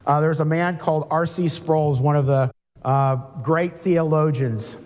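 Preacher in a reverberant hall. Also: male voice, a little high, fairly even intonation, unhurried, a little mellow. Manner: conversational, reads scripture aloud with asides. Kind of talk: sermon.

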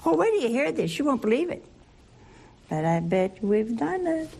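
A woman leading a Catholic Bible study, teaching in an animated, playful way and asking her listeners questions. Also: a little high, moderate pace, creaky, slight background noise. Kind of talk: lively scripture teaching to a group.

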